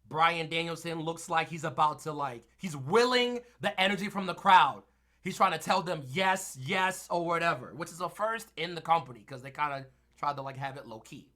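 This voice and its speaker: Man, podcast co-host, casual chat, bright forceful voice, excitable, loud bursts and mumbles, winded. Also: on the high side. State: winded from talking. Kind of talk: casual wrestling recap chat.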